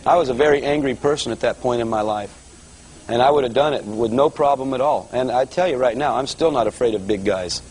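A man preaching to a church audience, telling his conversion story in a lively storytelling manner and acting out the voices of others. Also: medium pitch, brisk, slight background noise, poor audio. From Los Angeles area. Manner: animated storyteller, voices quotes, rising excitement. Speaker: guest preacher giving testimony. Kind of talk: sermon testimony storytelling.

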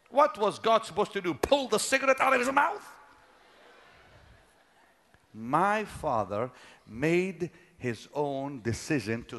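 A middle-aged preacher telling a personal story in a sermon, dropping to a hush and then rising to shouts. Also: male voice, on the high side. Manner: dramatic, swings from hushed to shouting.

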